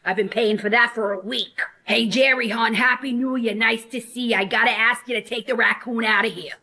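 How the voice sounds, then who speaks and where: A woman's voice: on the high side, steady tone, fairly quick, pushed and bright. A woman playing a brassy, gossipy snack-bar worker at a bowling alley in a comedy sketch, calling everyone hun.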